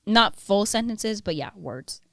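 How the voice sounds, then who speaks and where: A woman's voice: mid-range voice, animated, measured pace, no echo, clean studio sound. A woman chatting casually on a podcast and laughing often. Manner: giggly, chatty. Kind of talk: casual chat.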